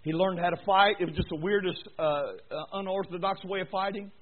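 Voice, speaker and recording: In church, a pastor with a high-pitched voice moves between low, rambling asides and loud, pleading, shouted exhortation. He speaks briskly with fairly even intonation, and the audio is thin and tinny, like a phone line.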